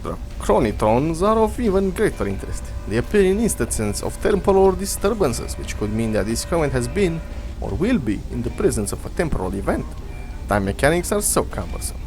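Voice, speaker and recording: Man putting on a Russian-accented alien science officer, raised voice, lively, faint game music behind. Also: a little high, a little fast, pitched above the performer's own voice. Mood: curious, formal. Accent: put-on Russian. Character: fussy alien male science officer, curious.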